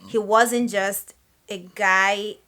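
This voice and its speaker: A woman co-hosting a casual film review chat, thoughtful and giving steady affirming murmurs. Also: mid-range voice, very slow. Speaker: podcast co-host.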